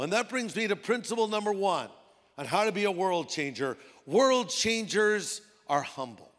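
A pastor preaching a sermon in a relaxed, conversational way, slipping into playful voices for the people in his stories. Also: high voice, moderate pace. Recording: long hall reverb.

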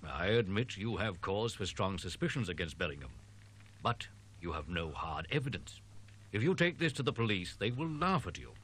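A skeptical, reassuring friend , acted by a man, in a horror audiobook drama. His husky, lowish voice rises and falls a great deal as he talks. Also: sing-song, moderate pace, fairly bright tone, heavily acted.

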